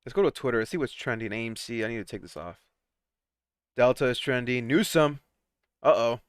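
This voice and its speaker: A man's voice: mid-range voice, a little fast, clean tone, no echo, studio quality. A man hosting a casual stock-market livestream, chatting with co-hosts and reading out viewer comments and trending topics. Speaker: livestream host.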